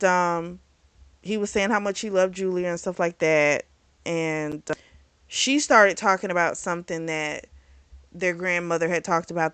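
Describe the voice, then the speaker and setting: A woman reviewing a book in casual chat, retelling the plot in a chatty, animated way. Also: fairly low pitch, clean tone, dry recording. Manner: chatty, animated retelling with acted quotes and laughs.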